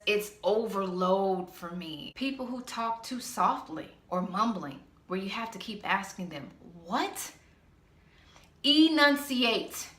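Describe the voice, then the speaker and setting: A woman's voice: mid-range voice, a little slow, hardly any pauses, fairly bright tone, reverberant. A woman vlogger ranting bluntly with a slightly nasal voice, sassy and exasperated. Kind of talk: ranting vlog.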